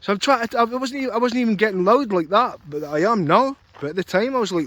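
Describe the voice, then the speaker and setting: A man's voice: high-pitched, lively intonation, quick pace, hardly any pauses, fairly bright tone, dry recording. A young man ranting angrily and repetitively about a custody dispute, swearing often. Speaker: vlogger. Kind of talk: angry personal rant.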